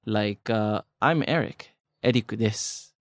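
A man's voice: lowish voice, a little slow, no echo, studio quality. A man co-hosting a language lesson podcast, explaining grammar in a casual, chatty, joking way. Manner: laid-back, chatty, joking. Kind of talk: casual teaching chat.

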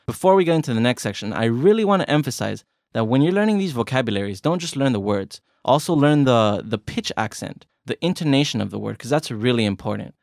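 A man's voice: mid-range voice, animated, fast, vocal fry, few pauses, darkish tone, dry recording, studio quality. Chatty male language-lesson host. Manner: chatty, self-correcting, joking. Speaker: podcast host.

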